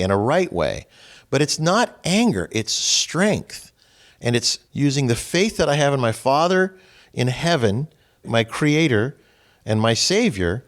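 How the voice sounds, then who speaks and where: A man hosting a group discussion in a small room, talking earnestly and with emphasis, often quoting others. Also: medium pitch. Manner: earnest, emphatic, acts out quotes. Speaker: host.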